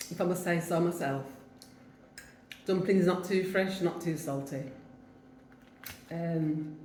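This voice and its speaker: A woman's voice: lowish voice, slow, a little mellow, echoey room, slight background noise. A woman in her fifties from England with a Wolverhampton accent, chatting casually to camera while she eats, rambling and often laughing. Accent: Wolverhampton English. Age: 50s. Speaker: vlogger. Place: home in Jamaica.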